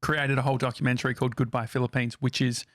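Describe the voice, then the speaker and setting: A man's voice: mid-range voice, little pitch movement, fast talker, fairly bright tone, dry recording. Here is an Australian man with a mid-range voice, telling loose, meandering stories and restarting his sentences. The sound is close and dry, with no room sound. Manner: rambling, self-correcting anecdotes. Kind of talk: casual podcast chat.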